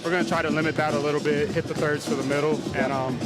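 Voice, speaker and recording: Fast-talking man in an on-court interview. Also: a little high, flat delivery. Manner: quick, hesitant, filler-heavy. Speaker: player being interviewed. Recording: loud music behind.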